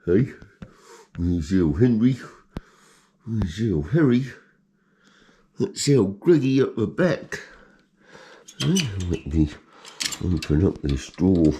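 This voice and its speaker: Man talking to his pets, fond and coaxing; dark, husky voice, unhurried. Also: on the low side, big pitch swings. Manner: fond, coaxing, keeps asking "Hey?". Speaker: pet owner filming his rats. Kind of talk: casual chat to pets.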